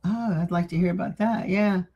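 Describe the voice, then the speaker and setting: A middle-aged woman co-hosting a paranormal talk show, telling a story in a casual, animated way and laughing often. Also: lowish voice, brisk, dull audio, slight background noise. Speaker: podcast co-host.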